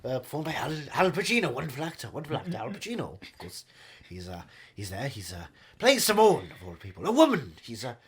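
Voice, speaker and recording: A man doing an impression of a pompous older Welsh actor with a put-on Welsh accent, murmuring softly and repeating "wonderful". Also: mid-range voice, wildly swooping pitch, fast, voice pushed down. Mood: hushed.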